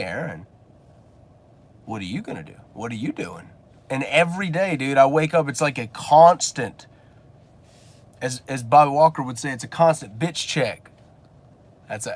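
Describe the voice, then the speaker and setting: Male vlogger, slightly higher voice, blunt motivational preacher, in a car. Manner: blunt and preachy, swears casually. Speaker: business coach and channel host. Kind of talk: motivational rant.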